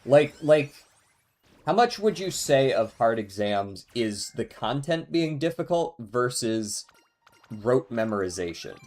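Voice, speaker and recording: A man streams a game and chats casually with his viewers, laughing often and musing aloud in a laid-back way. His mid-range voice is expressive and slow, with a darkish tone.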